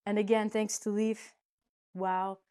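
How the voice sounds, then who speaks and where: A middle-aged woman teaching English pronunciation to learners, her pitch sitting in the middle for a woman. She speaks at an unhurried pace. Her delivery is playful and jokey, with sudden high, exaggerated demonstrations of sounds. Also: little pitch movement, dark tone.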